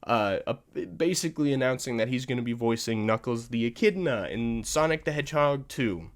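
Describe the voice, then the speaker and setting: A man's voice: medium pitch, lively intonation, a little fast. A man hosting a podcast, chatting casually about movie news in a rambling way, restarting sentences and chuckling at himself. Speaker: podcast host.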